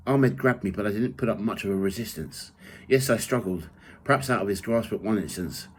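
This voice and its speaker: A man reading from his own memoir in the first person, measured and steady. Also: lowish voice, a little hiss or hum, low-quality recording. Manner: measured reading, rising loud for quoted shouts.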